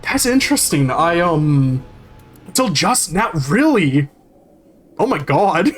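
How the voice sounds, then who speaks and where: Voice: mid-range voice, very animated, takes it slowly, long pauses, faint music behind. A game streamer chatting casually while playing, rambling and swearing freely as they read and answer chat.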